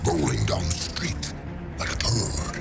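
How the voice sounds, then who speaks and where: An actor voicing a huge, menacing male alien symbiote monster in film trailer dialogue, with a deep, growling voice. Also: sing-song, a little slow, vocal fry, exaggerated voice. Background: trailer music.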